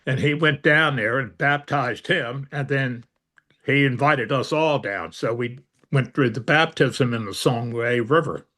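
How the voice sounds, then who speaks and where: A man's voice: mid-range voice, a little slow, sharp tone. Older man telling war stories. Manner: rambling, many "uh" fillers, dry humor. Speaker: interviewee, veteran. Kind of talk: storytelling interview.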